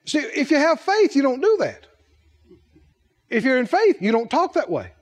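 Older male preacher, high lively voice, roomy hall reverb, playful delivery. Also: normal speed. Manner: animated, playful, laughs often. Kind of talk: sermon.

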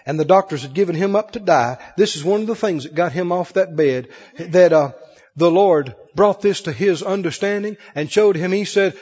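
A male pastor preaching with a fairly high, husky voice, drawing his listeners into call-and-response. His words ring out with long reverb across a large hall, and the broadcast sound is dull and lo-fi. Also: a little mellow. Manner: preaching with call-and-response, dramatic pauses and acted quotes. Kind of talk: sermon. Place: church service with a congregation.

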